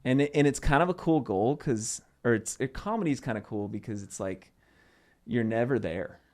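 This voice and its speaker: A young man from Arizona chats casually on a podcast as a guest comedian. He tells his stories in an animated way, with loose fillers and restarts, in a voice of ordinary pitch. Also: moderate pace.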